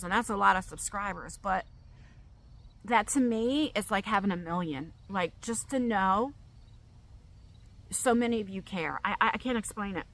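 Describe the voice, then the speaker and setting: Emotional, bright-voiced middle-aged woman vlogger. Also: medium pitch, low-quality recording. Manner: open, emotional, rambling with restarts. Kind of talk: emotional personal vlog.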